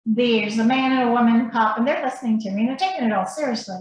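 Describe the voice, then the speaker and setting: A woman on a podcast telling a story in an animated, blunt manner and swearing freely. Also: on the high side, fast. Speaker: podcast guest. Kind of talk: casual storytelling. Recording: very echoey room, faint noise.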